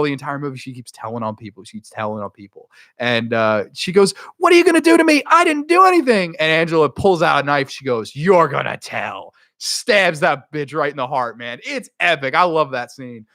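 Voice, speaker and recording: A man giving a casual, excitable review of a horror film, with profanity and rambling asides. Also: a little high, no echo, studio quality.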